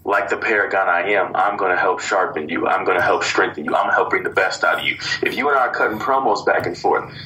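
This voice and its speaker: A young man, a wrestler from Cleveland, telling stories in a casual interview with an animated, boastful trash-talking manner. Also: on the low side, slight background noise, low-quality recording. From Cleveland, Ohio. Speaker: wrestler guest.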